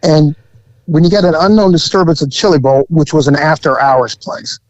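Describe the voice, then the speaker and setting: A man co-hosting a podcast, telling a profane, animated story from his time as a police officer. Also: a little high, moderate pace, no room sound, lo-fi sound. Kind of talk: casual storytelling chat.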